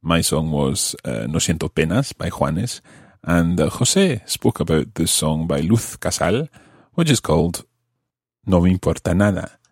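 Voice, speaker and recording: A man teaching a Spanish lesson on a podcast, explaining grammar slowly and carefully and repeating example phrases. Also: sits low, lively intonation, husky, no echo, studio quality.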